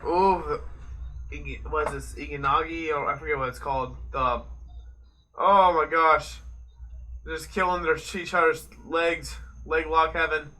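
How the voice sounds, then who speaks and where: A man's voice: a little high, fairly even intonation, a little slow, sharp tone. A young American man co-hosting a podcast, chatting casually and swearing while watching a fight. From United States. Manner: rambling, swearing, joking. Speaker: podcast co-host. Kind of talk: casual late-night chat over a live fight.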